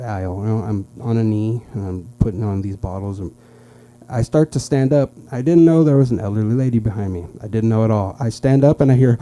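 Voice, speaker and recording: A young man doing stand-up at an open mic in a small comedy club, telling stories chattily with halting restarts and squeaky impressions of other people. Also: mellow. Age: young adult. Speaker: stand-up comic.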